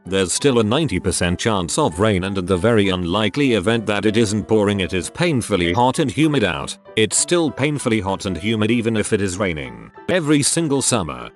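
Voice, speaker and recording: A man's voice: lowish voice, sing-song, a little fast, hardly any pauses. A man narrating a string of short online posts, reading each one in a plain, matter-of-fact way. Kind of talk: scripted narration. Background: faint background music.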